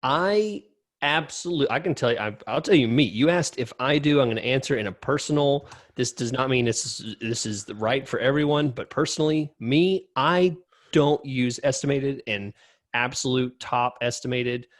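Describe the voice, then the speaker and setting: A male podcast co-host speaks at a mid pitch on a dry, close studio mic. He talks casually but emphatically, with frequent fillers and repeated starts. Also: normal speed, no echo.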